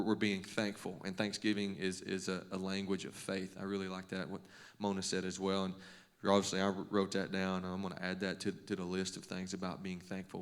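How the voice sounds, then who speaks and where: His voice sits low with a bit of brightness. He is a middle-aged man who coaches basketball and teaches, and he's speaking to a men's group in a devotional setting. He sounds casual and homespun, restarting and stammering often and making jokes at his own expense.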